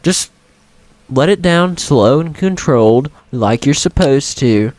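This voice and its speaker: Young male co-host, slow-spoken, lively pitch, teasing and earnest. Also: dry recording. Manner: teasing, earnest when giving advice. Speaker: podcast co-host. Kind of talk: casual chat.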